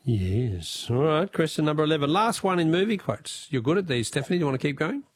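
A man's voice: fairly high pitch, sing-song, fast talker. A man hosting a radio quiz and reading listener messages in an upbeat, jokey way. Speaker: radio host.

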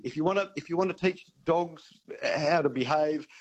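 A man's voice: on the high side, moderate pace, husky, low-quality recording. A man calling in to a radio show, blunt and enthusiastic. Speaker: caller. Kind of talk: talkback radio call.

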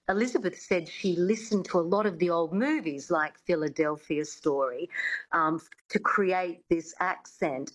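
A woman's voice: on the low side, poor audio. A middle-aged woman, an accent coach, explaining as a radio guest with frequent fillers. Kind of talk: radio interview.

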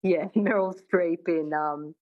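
A woman's voice: fairly low pitch, steady tone, slow pace. A woman, a coach, talking casually in an interview with many restarts and fillers. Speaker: accent coach. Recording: muffled lo-fi sound.

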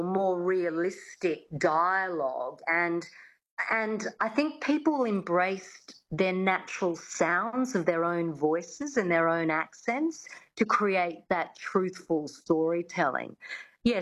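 A woman coach, a guest on a radio interview. Her voice sits slightly low as she explains steadily, with frequent ums and restarts. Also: low-quality recording. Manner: explanatory, lots of fillers. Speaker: accent coach.

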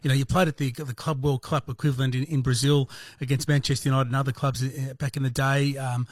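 A man's voice: mid-range voice, level tone, quick pace, dry recording, clean studio sound. A man hosting a radio interview, building long probing questions.

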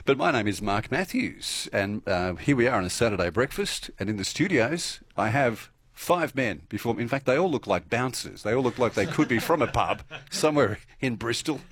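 A man's voice: medium pitch, lively intonation, moderate pace, few pauses, fairly bright tone, breathy edge. A chatty, easygoing man presenting breakfast radio from a studio, laughing often.

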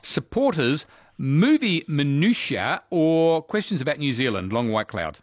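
Male radio quiz host, animated and chatty, dry studio sound. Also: a little high, a little slow, dry recording. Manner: chatty, upbeat, laughs easily. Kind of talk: casual radio quiz chat with callers.

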